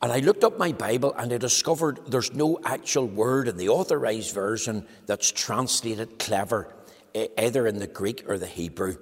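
Male preacher, children's address; animated, slightly husky, reverberant hall. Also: moderate pace. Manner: animated storytelling, lively pitch.

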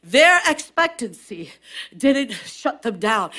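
A woman pastor preaching a sermon to her congregation, impassioned and building to shouted, repeated refrains. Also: a little high, animated, measured pace. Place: church service with responding congregation.

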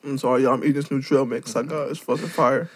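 A young man co-hosting a podcast, relaxed and offhand in casual chat. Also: medium pitch, fast talker, dry recording, clean studio sound. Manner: relaxed, plugs the show offhandedly. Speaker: podcast co-host.

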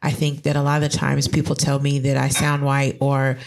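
A woman's voice: very deep voice, completely flat delivery, a little fast, vocal fry, a little mellow, slight background noise. A woman guest in a candid interview, talking in a frank, blunt way with casual swearing and plenty of fillers. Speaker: guest, graphic designer.

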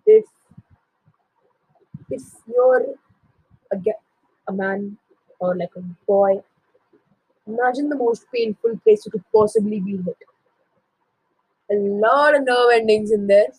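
A man's voice: extremely high pitch, sing-song, slow, gravelly, long pauses, darkish tone, slightly rough, no echo, rough recording. A teenage boy casually retelling a myth, with jokey asides and self-corrections. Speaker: storyteller.

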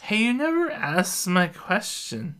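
A woman's voice: medium pitch, big pitch swings, takes it slowly, a bit bright, pitched above the performer's own voice. A man voicing a tipsy, giggling young woman who talks in a slurred, singsong way for a story reading.

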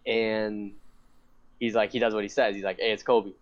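A young man telling a long story in casual chat, rambling and animated, swearing and laughing often. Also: fairly low pitch, normal speed. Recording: dull lo-fi sound.

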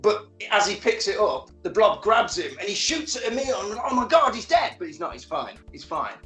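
A man casually recapping a film as a podcast co-host, animated and sweary, acting out characters' lines. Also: sits high, normal speed, roomy sound, faint music behind.

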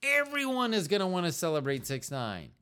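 A man's voice: high voice, wildly swooping pitch, fairly quick, bright, forceful tone. A man from the United States co-hosting a casual podcast with his partner, rambling and trailing off as he talks. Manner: rambling, meandering, trails off often. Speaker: podcast co-host. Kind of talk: casual chat.

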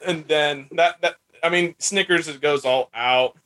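Bright-voiced chatty man. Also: a little high, unhurried. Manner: chatty, laughs while retelling scenes in put-on voices. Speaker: podcast host. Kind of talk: casual chat.

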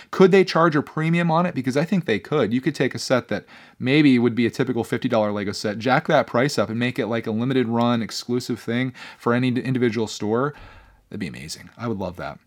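A young man hosts his own podcast and talks in an easy, casual way. He sounds earnest and chatty, with plenty of fillers and restarts as he reads out listener comments and responds to them. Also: mid-range voice. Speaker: podcast host. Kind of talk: casual solo podcast talk.

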